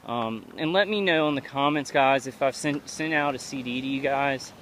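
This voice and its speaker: A man talks into a handheld camera as he walks outside at night, and his voice sits at an ordinary middle pitch. He rambles and stops often, restarting his sentences. Faint traffic hums behind him. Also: a bit bright. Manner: rambling, halting, many restarts. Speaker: vlogger. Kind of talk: casual walking vlog monologue. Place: outdoors at night, walking.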